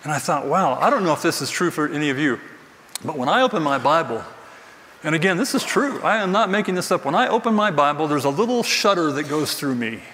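A man's voice: a little high, sing-song, quick pace, a bit bright. Earnest male preacher in a reverberant church. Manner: earnest, emphatic, repeats key phrases. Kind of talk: sermon. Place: church sanctuary. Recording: distant mic in a reverberant hall with faint noise.

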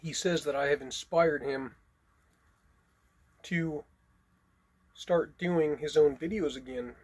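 Husky-voiced man chatting while eating. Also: fairly high pitch, takes it slowly. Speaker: mukbang vlogger. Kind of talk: casual eating vlog chat.

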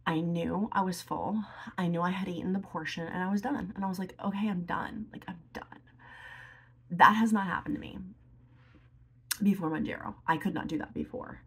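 A woman's voice: fairly low pitch, steady tone, a little fast, a bit bright, breathy edge. A woman vlogger chatting casually to the camera while doing her makeup, chatty and emotional, sometimes teary. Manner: chatty, emotional, lots of fillers like "like". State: teary, tearful. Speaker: beauty and lifestyle vlogger.

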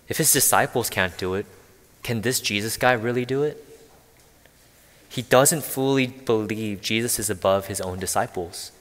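A man's voice: on the low side, a bit bright, long reverb tail. A man preaching a sermon as a pastor, earnest and asking rhetorical questions.

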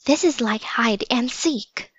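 Eager bold young girl, read by a woman, slightly raised pitch, dull sound. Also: slightly rough, dry recording, heavily acted. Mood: whispering. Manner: excited, quick to act. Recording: dull lo-fi recording.

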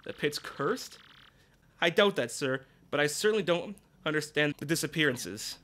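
A man voicing a reserved, formal female manager, speaking low and quietly. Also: expressive, moderate pace.

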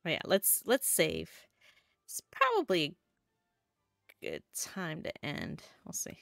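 A woman's voice: low-pitched, wildly swooping pitch, slow, creaky, a bit bright, no room sound, clean studio sound, soft background music. A woman streamer chatting casually and self-mockingly over live gameplay.

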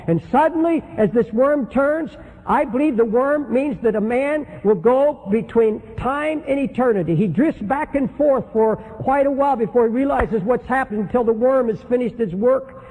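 A male preacher delivers a fiery sermon with dramatic storytelling, dropping to a hush and rising to a shout. His voice is high-pitched, mellow and husky. A long hall reverb trails after every phrase. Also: animated, normal speed.

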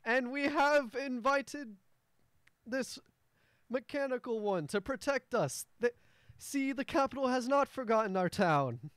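A man's voice: very high voice, animated, a little slow, fairly bright tone, smooth, no room sound, voice pushed up, exaggerated voice. A man voicing a stout, pompous male dwarf mayor giving a boastful public speech. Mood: grandstanding.

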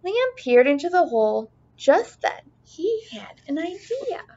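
A woman teacher reading a children's storybook aloud in an expressive, sing-song way. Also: very high-pitched, measured pace. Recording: dull lo-fi recording.

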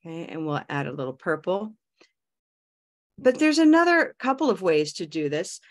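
A woman teaching English pronunciation on a video call, modeling words slowly and repeating them. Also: lowish voice, big pitch swings. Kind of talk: online pronunciation lesson.

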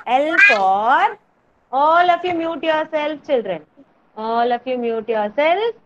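A woman teaching letter sounds to small children in an online class, slow and coaxing, repeating words for them. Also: high voice, animated, a bit bright. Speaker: kindergarten teacher. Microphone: video call. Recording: dull lo-fi video call audio.

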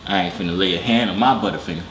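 A man's voice: low-pitched, very fast, very noisy. Brief: man, casual teasing vlogger, echoey room. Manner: joking, teasing, talks to himself. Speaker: vlogger on a video chat app. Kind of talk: casual video chat commentary.

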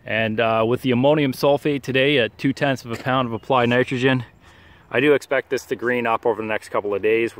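Brief: man, nasal from a cold, casual outdoor how-to vlog, halting and practical, plenty of "uh"s, mid-pitched. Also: fairly even intonation. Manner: halting, many "uh" fillers, practical and matter-of-fact. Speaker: turf care professional vlogger. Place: outdoors in a yard and at the pump.

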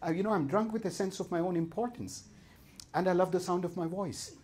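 A man's voice: high voice, a little fast, a little mellow. Playful Indian man leading a seminar. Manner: playful, self-mocking, addresses the crowd directly. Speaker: seminar leader. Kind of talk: live seminar talk to an audience. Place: seminar room with a live audience.

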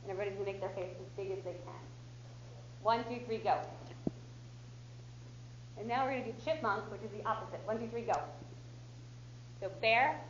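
A woman leading a group through warm-up exercises, giving upbeat, coaxing commands. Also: medium pitch. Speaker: workshop leader. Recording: echoey room, dull lo-fi, humming noise.

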